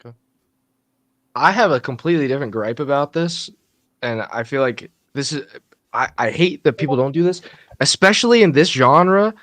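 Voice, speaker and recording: Emphatic, halting male reviewer. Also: medium pitch, animated, fairly bright tone, no room sound. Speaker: music reviewer. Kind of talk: casual review chat.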